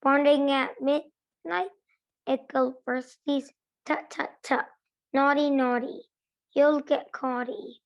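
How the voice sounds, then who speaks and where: A gleeful, taunting male poltergeist with a sing-song tease, as a woman reads him aloud. The voice sits high and moves slowly, like a storybook read at a gentle pace. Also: steady tone, lo-fi sound.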